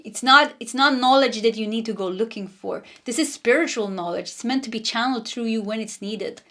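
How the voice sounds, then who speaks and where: A woman's voice: a little high, a little fast, fairly bright tone. Chatty woman reading tarot. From Sweden. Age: 40s. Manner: chatty, laughs often, wanders off mid-sentence. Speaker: tarot reader.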